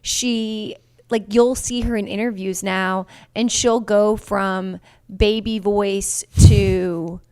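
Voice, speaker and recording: Young woman yapping on a podcast, bit of vocal fry, dry close mic. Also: mid-range voice, steady tone, slow, hardly any pauses, dark tone, no room sound. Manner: playful, chatty, imitates voices. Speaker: podcast co-host. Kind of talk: casual chat.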